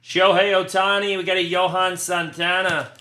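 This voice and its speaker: A man's voice: high voice, level tone, normal speed, reverberant, background noise. Crude, joking man ripping card packs. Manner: crude, joking, rattles off player names. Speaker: card break host. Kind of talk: casual live card-break chat.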